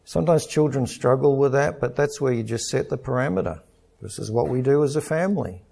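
Man preaching in a mellow voice. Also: medium pitch, expressive, gravelly. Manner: earnest, measured preaching with storytelling. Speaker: pastor. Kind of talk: sermon.

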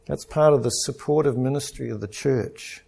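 A middle-aged pastor preaching an earnest, measured sermon with stories. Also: male voice, mid-range voice, vocal fry, mellow, husky.

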